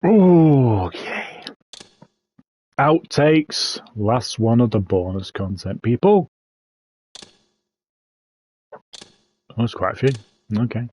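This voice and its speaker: A man's voice: lowish voice, lively intonation, takes it slowly, long pauses, darkish tone, breathy edge, no echo. A British man giving casual, laid-back commentary while playing a game. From Britain. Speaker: let's play YouTuber.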